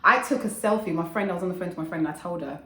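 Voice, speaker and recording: A woman with a fairly low voice tells her story vlog-style as a radio DJ, chatty and animated, tossing in casual swearing and quick asides. The room sounds echoey.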